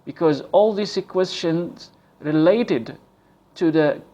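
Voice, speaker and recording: A man teaches English pronunciation at an unhurried, careful pace. His voice sits somewhat high for a man. He repeats key points and sounds out example words slowly. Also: warm tone, muffled recording. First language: Arabic. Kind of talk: slow, deliberate pronunciation lesson.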